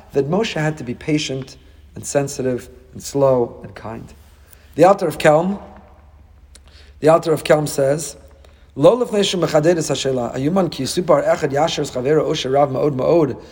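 A man, a rabbi giving a Torah class, animated and acting out dialogue with rhetorical questions. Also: on the high side, in a large hall.

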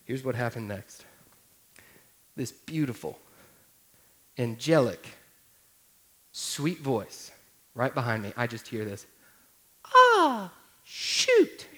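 A man's voice: medium pitch, takes it slowly, long pauses. A man in his thirties, a pastor preaching a sermon through a humorous personal story, talking to the listeners directly in a conversational way.

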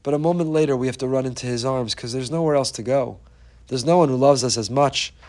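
A man's voice: mid-range voice, fast talker, a little mellow. A man giving an inspirational Torah talk, telling stories earnestly and emphatically, often repeating phrases for weight. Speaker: Torah teacher.

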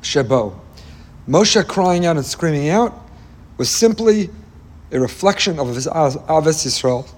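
A rabbi delivers an impassioned sermon on the weekly Torah portion, speaking at a measured pace in a rather high, animated voice. His delivery follows a repetitive rhetorical cadence.

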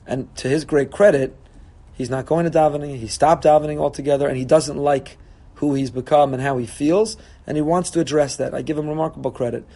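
A rabbi delivers a sermon in a high, bright-pitched voice. He preaches with animated emphasis, often slipping into dramatized quoted speech. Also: fairly quick. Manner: animated preaching, voicing God and congregants.

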